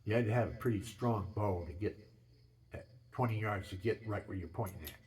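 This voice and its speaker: Here the home video maker, an older man, rambles casually through stories of his house and pets, restarting often and dropping folksy asides. He talks a little fast in a lowish, darkish voice, and a little hiss or hum sits under the audio.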